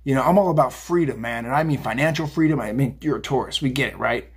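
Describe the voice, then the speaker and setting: A man's voice: medium pitch, fast, breathy edge. A man giving a tarot reading on a phone video, blunt and fired up, swearing and rambling. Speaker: tarot reader. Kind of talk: casual profane psychic rant.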